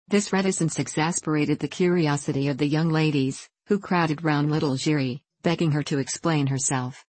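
A woman narrates a classic novel in a steady, measured way. Her voice sits low and even. The recording is dry and close, with no room echo. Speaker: audiobook narrator. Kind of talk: scripted narration.

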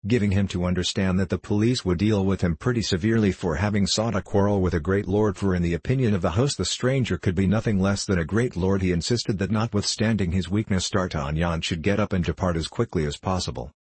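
A man narrating a classic novel in a measured, formal storytelling manner. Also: low voice, a little mellow, slightly rough, no echo. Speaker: audiobook narrator.

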